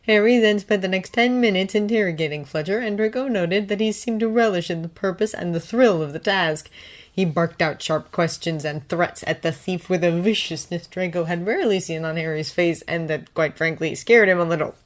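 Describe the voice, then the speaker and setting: A woman's voice: lowish voice, moderate pace. A woman reading a fanfiction story aloud as an audiobook narrator. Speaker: fanfiction reader.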